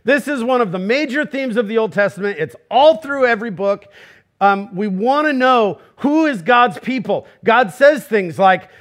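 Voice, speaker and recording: A man's voice: very high-pitched, animated, moderate pace, fairly bright tone. A male pastor preaching a sermon, emphatic and full of rhetorical questions, acting out quoted voices as he goes.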